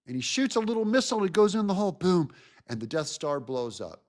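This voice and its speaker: Animated man ranting on politics. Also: high-pitched, brisk. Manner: animated, mocking, emphatic. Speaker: host. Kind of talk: political commentary rant.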